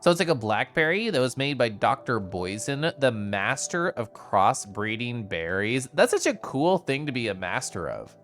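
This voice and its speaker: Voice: mid-range voice, very animated, moderate pace, hardly any pauses, a bit bright, soft background music. A streamer giving casual live-stream commentary while playing a game, bubbly and giggly with playful squeals.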